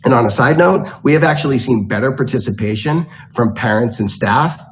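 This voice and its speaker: Man, mid pitch, formal board presentation, measured delivery with fillers. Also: expressive, poor audio. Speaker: school district official presenting.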